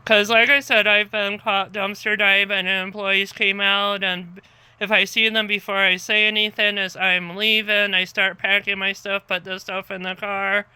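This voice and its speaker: A woman telling a story to the camera in a calm, rambling way that circles back and repeats itself. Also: mid-range voice, moderate pace, clear, resonant tone, dry recording. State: tired, half asleep. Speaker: vlogger.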